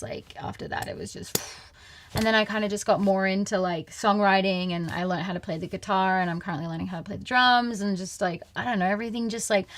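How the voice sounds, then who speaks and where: A young Australian woman with an Australian accent, a guest musician rambling in a casual interview chat with many fillers. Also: medium pitch.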